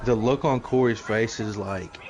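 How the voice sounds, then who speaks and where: Man with a lower voice, laid-back chat, noisy recording. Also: moderate pace, dull audio. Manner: laid-back, agreeable storytelling about coworkers. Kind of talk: casual chat. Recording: audible background noise.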